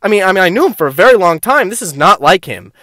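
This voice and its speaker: Young man, profane, high-voiced storyteller. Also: quick pace, no room sound, clean studio sound. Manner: profane, rambling, animated. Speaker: vlogger. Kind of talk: casual storytelling to camera.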